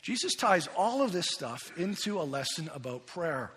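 A man's voice: fairly high pitch, very animated, normal speed, a bit bright. A man preaching a sermon as pastor, earnest and emphatic, often restarting and repeating his words. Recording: long reverb of a large hall.

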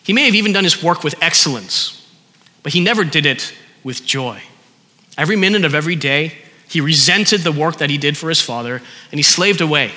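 A man preaching a sermon in an earnest way, slowing down for emphasis and letting his voice drop at the ends of phrases. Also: fairly high pitch, sharp tone, in a large hall.

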